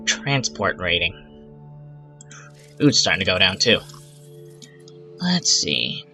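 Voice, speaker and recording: Dude rambling while he plays a game, lively up and down voice, soft music behind. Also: low voice, slow pace. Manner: rambling, self-talking, exasperated asides. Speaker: gaming channel host. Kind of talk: casual let's-play commentary.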